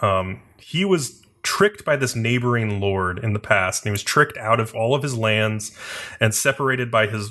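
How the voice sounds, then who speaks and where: Man, podcast co-host, bright tone, rambling casual recap, lots of fillers. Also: on the low side. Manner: rambling, heavy use of "like" and fillers. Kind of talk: casual chat recapping an anime episode.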